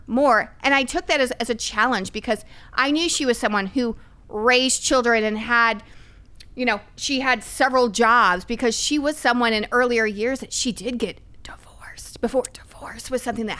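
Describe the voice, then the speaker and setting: A middle-aged woman speaks candidly on a podcast, animated and emphatic as she tells her stories. Her voice sits fairly high and comes across smooth and clear. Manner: lively, animated, emphatic storytelling. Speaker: podcast guest. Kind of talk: candid conversational storytelling.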